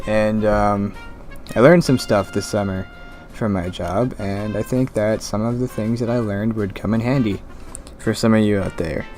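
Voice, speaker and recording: A young man rambling in a mumbling monotone about his summer job. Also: lowish voice, normal speed. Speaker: gaming vlogger. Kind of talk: rambling casual commentary over gameplay. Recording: faint music behind. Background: faint background music.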